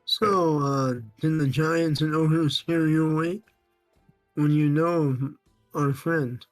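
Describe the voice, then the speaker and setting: Man, slow drawl, halting, tabletop player, slightly high voice. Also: steady tone, no room sound, faint music behind, poor audio. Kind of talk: tabletop game chat.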